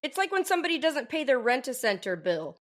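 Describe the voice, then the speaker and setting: A woman's voice: sits high, big pitch swings, fast talker, a bit bright. A woman co-hosting a podcast in a chatty, casual way. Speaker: podcast co-host. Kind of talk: casual chat.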